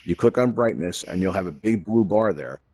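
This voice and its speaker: A man's voice: low-pitched, expressive, normal speed, darkish tone, slightly rough. A man hosting a live virtual-reality tutorial, explaining steps in an upbeat, jokey way. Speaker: host and instructor.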